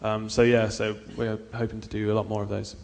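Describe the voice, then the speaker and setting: A man's voice: lowish voice, little pitch movement, fairly quick, vocal fry, darkish tone, in a large hall. A man on a convention panel, speaking hesitantly with frequent ums and restarts.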